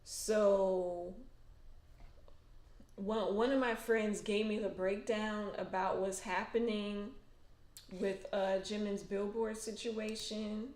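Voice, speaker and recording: In an echoey room, a woman who reads tarot and hosts a fan livestream talks slowly in a steady, mid-range, darkish voice. She chats casually and emotionally, in colloquial language, and keeps restarting.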